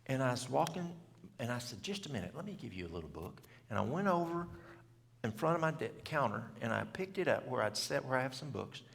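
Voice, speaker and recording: A man's voice: mid-range voice, very animated, fairly quick, fairly bright tone. A middle-aged man, telling a story to a church audience in plain, folksy country talk. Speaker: health seminar speaker. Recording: gravelly voice in a reverberant church hall.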